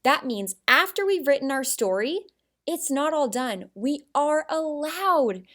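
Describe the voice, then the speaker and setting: A woman teacher giving an animated, expressive writing lesson to young children. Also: sits high, a little slow.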